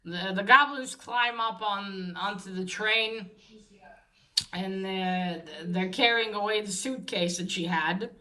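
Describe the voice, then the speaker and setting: A woman's voice: medium pitch, slow pace, bright, forceful tone. A woman giving a casual, rambling recap of a comic, with many fillers and restarts and the odd swear. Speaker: comic reviewer.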